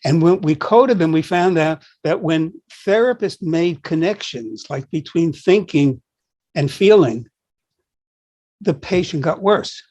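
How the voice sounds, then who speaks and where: A man's voice: a little high, expressive, measured pace, a little mellow, highs cut off. An older man co-hosting a podcast, a psychology professor who tells anecdotes and acts out the dialogue in them. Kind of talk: conversational discussion.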